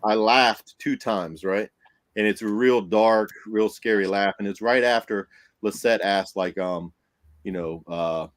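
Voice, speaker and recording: A man, a paranormal investigator, telling a story on a podcast in a casual, animated way, acting out what people said and laughing often. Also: on the low side, a little slow, no echo.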